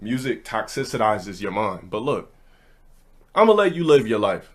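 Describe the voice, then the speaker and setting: A young man telling a casual story and ranting bluntly, with plenty of profanity and a brash, hurried delivery. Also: on the low side, expressive. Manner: blunt, profane, brash, speeds up mid-thought. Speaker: streamer.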